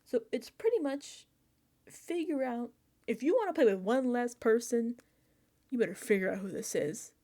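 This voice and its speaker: A woman's voice: on the high side, moderate pace. A young adult woman talking through a reality show episode in a casual reaction recap, acting out reactions with lots of laughs. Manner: animated storytelling, acts out reactions; chatty and excitable, laughs often.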